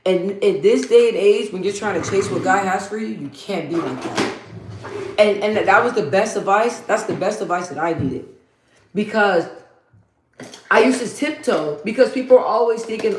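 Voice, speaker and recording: A woman with a deep, bassy voice talks straight to her viewers while doing her makeup at home. She is blunt and slangy, and she drives her points home by repeating them. The room around her gives a noticeable echo. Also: lively intonation, a little slow, a little mellow, a little hiss or hum. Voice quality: deep for her, in her own words. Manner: emphatic, repeats phrases for emphasis, motivational. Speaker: vlogger. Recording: roomy echo.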